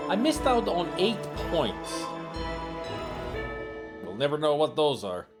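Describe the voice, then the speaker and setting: A man's voice: a little high, huge pitch swings, takes it slowly, music in the background. A man streaming a horror game, reading its text aloud and commenting. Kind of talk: gameplay commentary.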